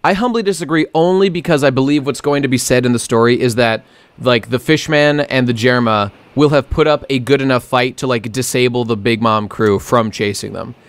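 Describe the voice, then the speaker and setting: Animated, sarcastic podcast host. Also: male voice, mid-range voice, clean tone, dry recording. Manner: animated, sarcastic, mimics characters in quick put-on voices. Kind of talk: casual manga discussion podcast.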